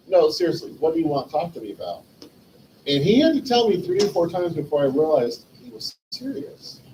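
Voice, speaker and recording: A man shares memories in an animated, heartfelt and rambling way, his voice mellow and swinging widely in pitch. He sits some way back from the mic, with faint room ambience behind him. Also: brisk, far from the mic, a little hiss or hum, rough recording. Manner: animated, rambling, heartfelt, acts out past dialogue. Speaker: memorial stream host. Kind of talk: personal storytelling, eulogy.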